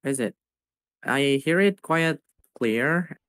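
A young man co-streaming a game, easygoing and quick to laugh. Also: medium pitch, animated, a bit bright, smooth, no echo. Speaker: streamer, co-host. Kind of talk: casual gaming stream chat.

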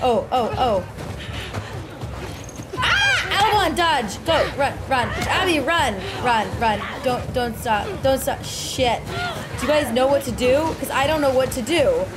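A woman streamer reacting out loud to her gameplay, exclaiming in panic and talking to her viewers. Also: high-pitched, big pitch swings, slow pace, very noisy. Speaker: video game streamer. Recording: loud game music behind. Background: game music and sounds.

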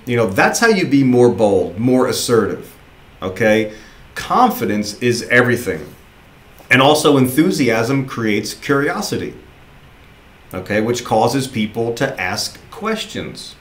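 A man's voice: medium pitch, very animated, unhurried, reverberant. A man giving a casual, encouraging motivational training talk to new recruiters, often repeating himself for emphasis.

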